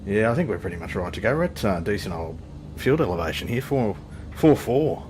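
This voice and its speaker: Hosting a flight simulator channel, this Australian man speaks fairly quickly in a low, sing-song, slightly mellow voice. The commentary stays casual and chatty, full of self-deprecating jokes.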